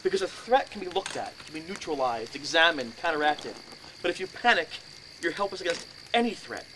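A man with a fairly high voice tells a first-person story to a live audience. He acts out the scenes and breaks into sudden loud bursts. The recording is noisy, with crickets chirping in the background. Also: big pitch swings, a little fast. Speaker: speaker at a haunted-house talk.

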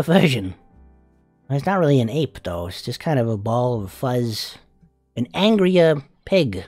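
A voice actor performs a crude, flamboyant male spider demon for a comedic fan reaction, swearing, giggling and cooing in doting baby talk. The voice is mid-range and a little mellow, captured in a dry recording.

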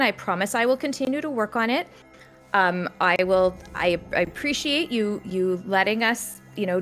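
A man's voice: high voice, a bit bright. A woman voicing a tall, emotional half-elf man who rambles and stammers through apologies.

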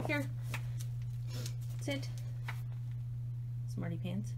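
Shelter lady calling a dog, high swooping voice, loud noisy outdoor recording. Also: big pitch swings, unhurried, pauses often. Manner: coaxing, repeats commands, sing-song calls. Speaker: animal shelter worker. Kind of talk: casual talk to a dog while filming. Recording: loud background noise outdoors.

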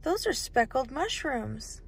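A woman leads a storytime for little ones, her voice sitting a touch high and swooping up and down. She talks very slowly and gently, and a gravelly edge of fry creeps into her voice. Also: sing-song. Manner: slow, sing-song, asks the child many questions. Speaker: children's storytime host. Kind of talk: reading a picture book aloud to young children.

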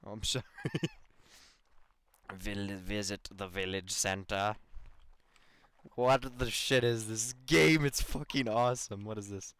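A young man hosting a casual let's-play, excitable and swearing freely as he reacts to the game. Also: fairly low pitch, takes it slowly, long pauses. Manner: excitable, swearing, laughing, reads game text aloud. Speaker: gaming channel host.

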